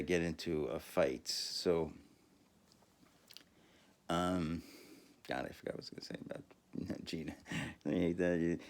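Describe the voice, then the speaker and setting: A man's voice: low voice, darkish tone. A man podcaster telling a rambling, profane story in a casual monologue, full of fillers and laughing at himself.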